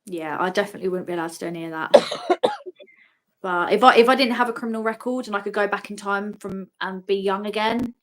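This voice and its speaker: A woman with a British accent chatting as a guest on a live stream, excitable and often laughing. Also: mid-range voice, fast talker, rough recording. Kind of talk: casual live-stream chat.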